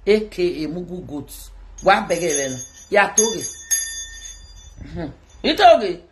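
A woman's voice: fairly low pitch, expressive, slow, noisy background. A woman with a Nigerian accent, chatting to viewers on a livestream, teasing them and sing-songing mock sales calls. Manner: sing-song hawking calls, switches between Pidgin and Yoruba. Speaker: social media live streamer.

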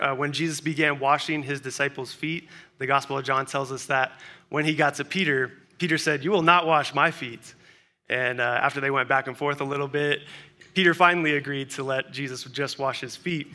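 A man's voice: fairly high pitch, sharp tone. A young adult man preaching a sermon, easygoing and conversational, telling a personal story before reading scripture. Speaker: pastor.

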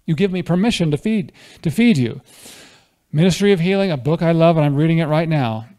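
A man's voice: a little high, expressive, a little fast, a little mellow. A man preaching a conversational sermon at a church fellowship, often asking the congregation questions.

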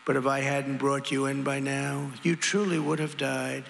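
A tender-hearted woman speaks her plaintive verse, as an older man puts her on, in a bright, gravelly delivery. The sound rings in a big hall with a crowd and a faint hum behind. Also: mid-range voice, level tone, moderate pace. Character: tender-hearted kind woman, naive and caring.

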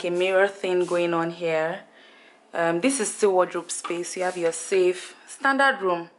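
Slow, chatty young Nigerian woman vlogging. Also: fairly low pitch. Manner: chatty, playful, giggly, talks to the camera. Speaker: travel vlogger. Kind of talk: casual vlog narration.

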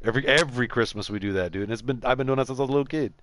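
Racing along in a mid-range, fairly bright voice with no room sound, a man from San Antonio, Texas streams a game. He's a rambling storyteller who curses a lot as he chats casually.

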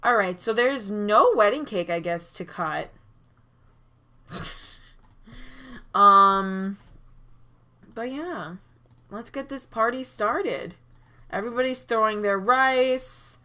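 A woman giving chatty, excitable commentary over a life-sim game, recorded on a desk mic at her computer. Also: medium pitch, slow, long pauses. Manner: chatty and excitable, frequent "oh my gosh" and small gasps. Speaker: gaming YouTuber. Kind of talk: casual gameplay commentary.

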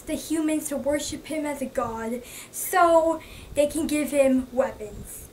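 A young woman gushing excitedly about a book in a casual review, full of fillers. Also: high-pitched, measured pace. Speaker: book vlogger. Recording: slightly distant mic with faint background noise.

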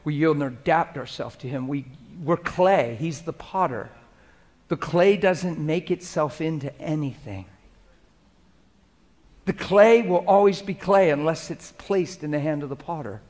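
A preacher with a notably high voice delivers a sermon at a measured pace, speaking casually and emphatically. He repeats phrases for effect and shifts between loud exhortation and quiet, prayerful speech.

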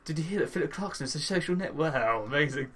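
A man's voice: on the high side, lively intonation, fast talker, crowd noise. A young man chatting through a life-sim game with a friend. He sounds tired and makes teasing jokes with some swearing. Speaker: co-host of a game let's play. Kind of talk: casual gaming chat.

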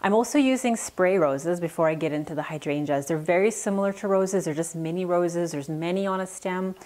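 Speaking fairly quickly in a low voice with a darkish tone, a woman florist teaches a step-by-step demonstration at her flower shop work table. As an instructor she stays friendly and practical, passing along tips as she works.

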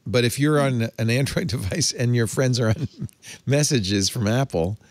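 A man's voice: mid-range voice, normal speed, no echo. An older man hosting a casual tech panel chat, joking and asking questions. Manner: lively, joking, asks questions. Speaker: host.

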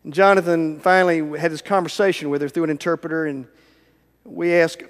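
A middle-aged man preaching a sermon as an evangelist. He tells a story dramatically, dropping from loud to hushed, almost whispered lines. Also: fairly high pitch, steady tone, a little fast. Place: large church sanctuary. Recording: long church reverb.

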